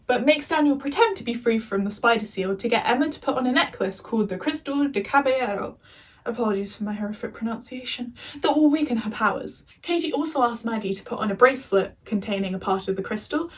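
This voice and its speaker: A woman's voice: a little high, expressive, fast talker, few pauses, husky, distant mic, rough recording. A young English woman recapping a TV show in a casual, chatty rant with sarcastic asides. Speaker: video essayist.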